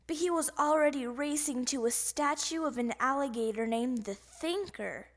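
A woman reading a children's picture book aloud in an animated, expressive way. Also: high voice, moderate pace, hardly any pauses. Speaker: storybook reader. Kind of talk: children's storybook read-aloud.

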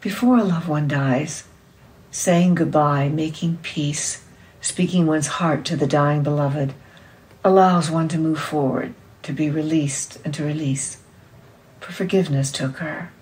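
A woman reading a literary novel aloud in a measured storytelling manner. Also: sits low, steady tone, a little mellow, far from the mic, rough recording. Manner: measured storytelling, voicing characters' lines. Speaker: reader.

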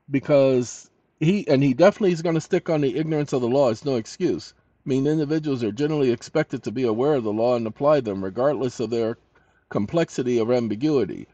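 A man hosting a ranting commentary, dictating replies with punctuation spoken aloud and shouting commands. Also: medium pitch, no echo. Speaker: channel host.

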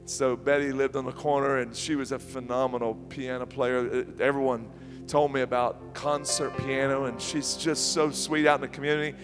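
Animated preacher man in a reverberant church. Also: medium pitch, normal speed, music in the background. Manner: animated storytelling preacher, repeating questions, sudden soft drops and loud climbs. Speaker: pastor. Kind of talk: sermon.

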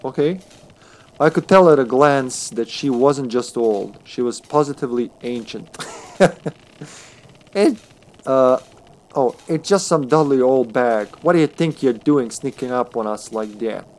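A man's voice: medium pitch, measured pace, a little mellow. A man streaming a text game, narrating it aloud with chatty, jokey asides. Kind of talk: casual game narration with commentary.

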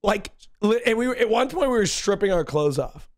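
A man's voice: high voice, animated, brisk. A drunk man chatting on a podcast, rambling, repeating himself and sounding giddy. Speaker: podcast guest. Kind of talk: casual podcast chat.

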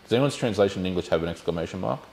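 A man's voice: low voice, expressive, rapid-fire, gravelly, a little mellow, a little hiss or hum. A man leading a Bible study, explaining the text and putting questions to his group.

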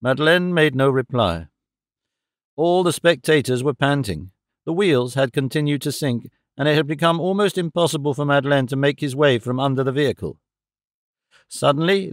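A man reading a classic novel aloud as audiobook narrator, in a measured, steady way. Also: on the high side, no echo, studio quality. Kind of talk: scripted narration.

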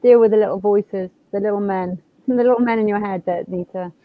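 A woman's voice: mid-range voice, steady tone, brisk, no echo. Woman host on a tinny line. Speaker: host, co-founder. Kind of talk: hosting a panel talk. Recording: tinny phone-like line, dry.

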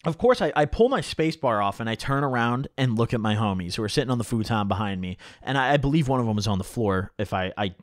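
A young man tells a story to his viewers in loose, slangy talk full of swearing. His pitch swings widely as he talks. He was recorded close to the mic in a dry room. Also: fast talker, hardly any pauses, no echo. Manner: animated, slangy, swears freely. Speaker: vlogger. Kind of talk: casual storytelling vlog. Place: home room.

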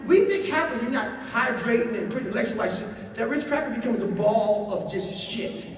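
A man telling a story on stage in a blunt, profane, animated way, heard in a large hall. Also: very high-pitched, fairly quick. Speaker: speaker. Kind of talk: live storytelling talk. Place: large hall before an audience. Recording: echoey hall from far off, faint noise.

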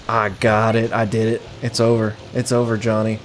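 A man's voice: on the low side, level tone, fairly quick, few pauses, a little hiss or hum. A young man giving casual, sarcastic gameplay commentary, swearing freely and chuckling to himself.

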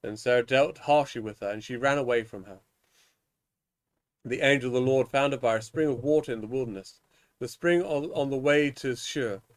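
A man leading evening prayer, reading psalms and scripture in a measured, solemn way, now and then tripping over a word. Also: mid-range voice.

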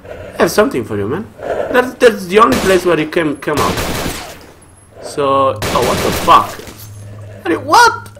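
A man's voice: on the high side, very animated, moderate pace, pauses often, noisy background. A man giving let's play commentary, frustrated and muttering to himself as he plays, often swearing. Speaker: gamer.

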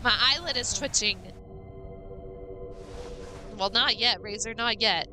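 A woman's voice: a little high, slow, bright, forceful tone, faint music behind, poor audio. A woman streaming a horror game live, chatting playfully with her viewers and sounding jittery. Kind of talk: live gameplay commentary.

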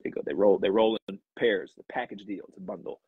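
A man hosting a motivational live talk, repeating his points and climbing to emphatic highs before dropping back to a low, steady tone. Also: quick pace, husky, dry recording, narrow, tinny audio. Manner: preachy, repetitive, rising to emphatic highs. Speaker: live stream host.

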